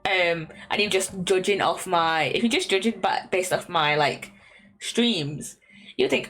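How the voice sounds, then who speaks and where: Streaming from her bedroom with faint lo-fi music behind her, a young adult woman rambles through casual chat, full of fillers, restarts and small laughs. Her voice is lowish, fairly bright, and a little slow.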